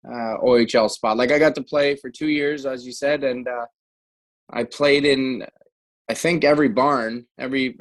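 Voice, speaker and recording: A man's voice: mid-range voice, poor audio. Middle-aged guy on a podcast, rambly, lots of uhs, keeps circling back. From Canada. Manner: rambling, many restarts and fillers. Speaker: podcast guest, former hockey player. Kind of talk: casual storytelling.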